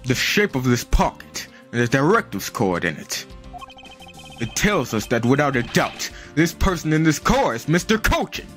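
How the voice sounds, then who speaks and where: A man's voice: mid-range voice, sing-song, moderate pace, fairly bright tone, soft background music. A man co-playing a game stream, chatting casually and reading dialogue aloud with dramatic flair. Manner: playful, reads lines with dramatic flair.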